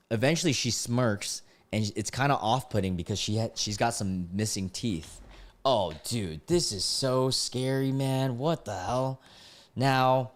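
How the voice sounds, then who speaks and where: Excitable young man reacting on stream. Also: mid-range voice. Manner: excitable, laughs and exclaims often. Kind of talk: reading stories live with reactions.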